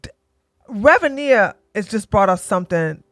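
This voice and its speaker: A woman's voice: medium pitch, expressive, moderate pace, fairly bright tone, dry recording, clean studio sound. Blunt, joking woman livestream host. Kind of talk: casual commentary and storytelling.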